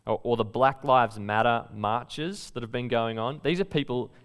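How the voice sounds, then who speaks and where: Smooth and medium-pitched at a moderate pace, this pastor gives a sermon in a chatty style, full of animated storytelling and emphatically delivered quotations.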